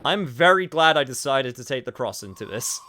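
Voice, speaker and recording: A man's voice: medium pitch, expressive, a little fast, bright, forceful tone, slight background noise. A man casually commenting on a game he is playing, chatting to viewers and swearing now and then. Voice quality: chatty, swears, talks to chat. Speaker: streamer. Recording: faint game music behind.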